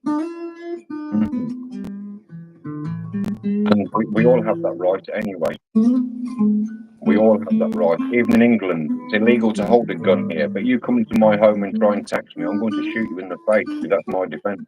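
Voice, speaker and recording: A man's voice: lowish voice, very animated, normal speed, pauses often, dull audio, music in the background. A Scottish man in casual chat, talking emphatically and repeating his points in a lecturing way. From Scotland. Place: home.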